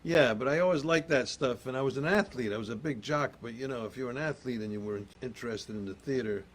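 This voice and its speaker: An older man from Providence, Rhode Island, an actor and guest telling animated stories in a casual chat and acting out the exchanges he recalls. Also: mid-range voice, fast talker. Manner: animated storyteller, acts out quoted exchanges.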